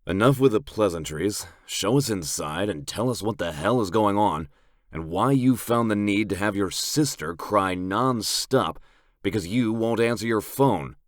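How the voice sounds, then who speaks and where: A man's voice: fairly low pitch, animated, a little slow, no room sound, clean studio sound. A man voicing a firm, commanding biker. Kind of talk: audiobook character voice.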